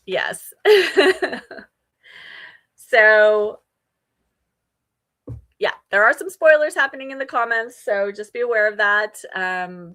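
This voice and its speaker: A woman's voice: medium pitch, a bit bright. A woman hosting a casual livestream readalong, chatting with viewers and sprinkling her talk with ums and little laughs. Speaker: book streamer hosting a readalong.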